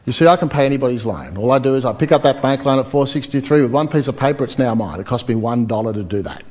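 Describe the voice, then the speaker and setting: A man's voice: mid-range voice, quick pace. A man giving a property seminar, firing rhetorical questions at a live audience. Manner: animated, addresses the crowd with rhetorical questions. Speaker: seminar speaker.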